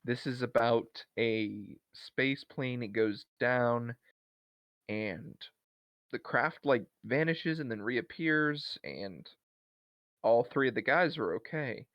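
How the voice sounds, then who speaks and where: A man's voice: medium pitch, slow, dry recording, highs cut off. A man co-hosting a podcast, casually retelling a story with lots of fillers and restarts. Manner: rambling retelling with many fillers. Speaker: podcast co-host. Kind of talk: casual chat.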